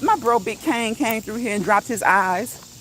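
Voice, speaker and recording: A woman's voice: fairly high pitch, measured pace, a bit bright, slight background noise, low-quality recording. A woman hosting a live walk-and-talk stream outdoors, chatting casually, laughing often and reading viewer comments aloud. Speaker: livestream host. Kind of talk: casual live chat while walking.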